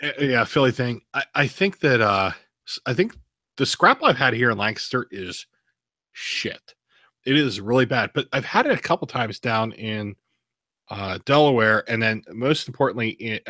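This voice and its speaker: A man's voice: medium pitch, bright, forceful tone, no echo, clean studio sound. A man co-hosting a casual beer review podcast, talking in a loose, profane, rambling way. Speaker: podcast co-host.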